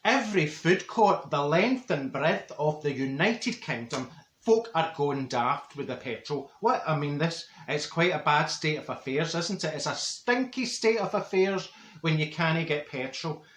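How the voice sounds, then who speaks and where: A man's voice: on the high side, expressive, unhurried, fairly bright tone. A man playing a chatty Glasgow auntie. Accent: Glaswegian Scottish. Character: chatty middle-aged Glasgow woman, straight-talking gossip. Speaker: comedy character monologue. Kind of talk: comic storytelling to camera. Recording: roomy echo.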